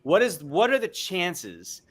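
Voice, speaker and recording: A man speaking earnestly in a heartfelt motivational chat on a video call, swinging between loud bursts and hushed moments. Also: high voice, sing-song, slow. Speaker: guest speaker.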